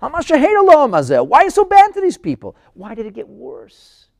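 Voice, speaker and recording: A man playing an anguished prophet crying out to heaven in exasperated bursts. His voice is high and swings wildly, with a gravelly edge. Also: very animated, normal speed, a little mellow, full character voice. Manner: pleading, exasperated outbursts. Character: anguished male prophet pleading with God.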